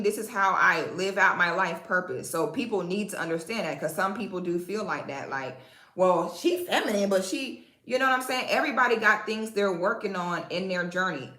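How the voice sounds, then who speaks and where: A woman's voice: mid-range voice, roomy sound. A woman from Central Florida with a Southern accent, hosting a live stream and talking bluntly and sassily to her viewers with plenty of cursing. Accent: Southern American, Florida. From Central Florida, USA. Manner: sassy, profane, sharp comebacks.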